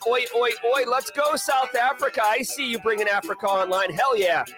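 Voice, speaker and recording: A man hosting a daily cybersecurity news livestream, hyped and sing-song as he shouts out viewers and places. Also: very high voice, normal speed, music in the background. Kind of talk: energetic livestream chat with viewers.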